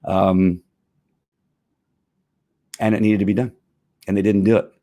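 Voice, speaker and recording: A man's voice: on the low side, little pitch movement, unhurried, mellow. A middle-aged man, a former police officer, hosting his own show and talking casually in a frustrated, emphatic rant. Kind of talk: casual livestream commentary.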